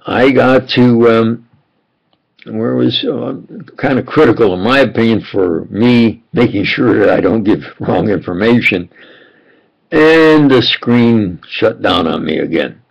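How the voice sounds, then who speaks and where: An older American man giving a rambling, unrehearsed monologue full of fillers and restarts, with a gravelly, husky voice. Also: lowish voice, measured pace, muffled recording. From United States. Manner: meandering, with frequent fillers and restarts. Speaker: self-styled preacher recounting memories.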